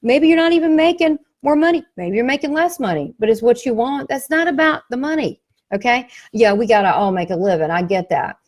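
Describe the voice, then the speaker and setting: A woman's voice: a little high, fairly quick. A woman with a Southern US accent, a psychic medium promoting her class, talking in an emphatic, folksy way. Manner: emphatic, folksy, animated storytelling. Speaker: psychic medium, workshop host. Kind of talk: motivational promo talk.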